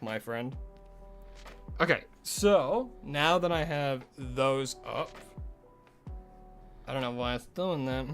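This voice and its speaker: A man's voice: fairly high pitch, a bit bright. A man live-streaming a game, chatting casually with viewers, greeting them by name and rambling about his setup. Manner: chatty, greets chat by name, loose asides. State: recovering from a headache.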